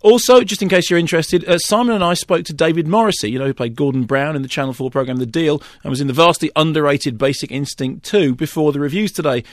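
A man reviewing films on a radio show, ranting rapidly and sardonically about a movie's flaws. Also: a little high, dry recording, clean studio sound. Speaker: film critic. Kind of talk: radio film review chat.

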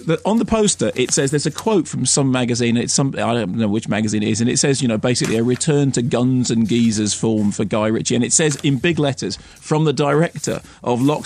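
A man reviewing films on a radio show, opinionated and lively, sometimes mimicking voices. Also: medium pitch, no room sound. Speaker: film critic. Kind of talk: radio film review chat.

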